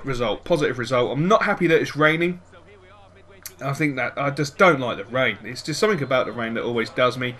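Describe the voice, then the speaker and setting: A man commentating his own football video game, muttering over plans and then yelling and swearing at the match. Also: medium pitch, slight background noise. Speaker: gaming YouTuber. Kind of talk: let's-play commentary.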